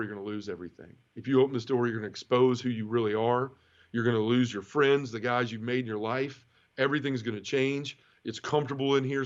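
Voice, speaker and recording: The audio is dull, carrying a man's mid-range voice. He tells the story of his conversion as a guest in an interview: casual, candid and emotional, animated throughout, dramatizing the dialogue he quotes.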